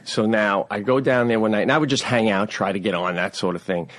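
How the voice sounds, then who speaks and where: A man's voice: on the low side, brisk. Male comedian telling a story. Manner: animated storyteller with loose asides. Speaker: comedian guest. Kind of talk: casual chat, storytelling.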